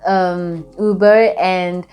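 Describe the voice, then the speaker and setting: A young woman from Botswana recapping a trip in a casual vlog, chatty and animated, with lots of fillers. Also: on the low side, drawn-out words, smooth, highs cut off, faint music behind. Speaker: vlogger.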